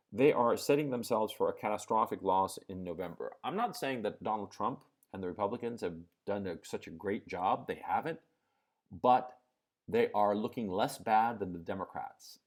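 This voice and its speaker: A man's voice: lowish voice, darkish tone. A man hosting a live stream, ranting about politics and the economy with lots of swearing. He explains with everyday examples, drops into sarcastic mock quotes and checks in with his viewers.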